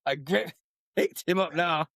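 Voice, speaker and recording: A man's voice: on the high side, a little slow, creaky, a bit bright, no echo, studio quality. A man co-hosting a podcast, telling stories with frequent laughs and swearing. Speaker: podcast co-host. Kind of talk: casual storytelling.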